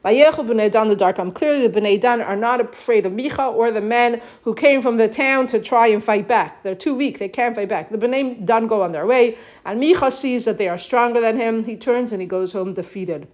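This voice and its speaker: A woman leads a verse-by-verse scripture lesson. She moves between reading the original verses and retelling them with lively emphasis. Her voice sits slightly high, and the recording sounds muffled and lo-fi. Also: fairly quick. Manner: reads Hebrew verses then explains in English, animated retelling. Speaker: Bible teacher. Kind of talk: text study lesson, translating verse by verse. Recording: dull lo-fi recording.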